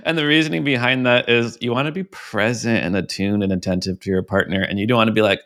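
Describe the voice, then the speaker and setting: A man hosting a podcast interview, relaxed and affirming, who asks long, rambling questions. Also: fairly low pitch, fast, few pauses. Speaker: podcast host.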